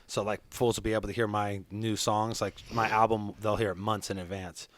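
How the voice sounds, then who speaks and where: A man's voice: on the low side, flat delivery, brisk. A man co-hosting a comedy podcast, rambling casually with lots of fillers and swearing. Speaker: podcast co-host. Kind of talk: casual profane chat.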